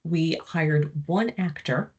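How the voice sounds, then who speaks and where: A woman with a low, husky voice delivers an academic presentation as a professor. She explains research findings in a measured, step-by-step way, with frequent filler words between points. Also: lo-fi sound. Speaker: psychology professor giving a research talk.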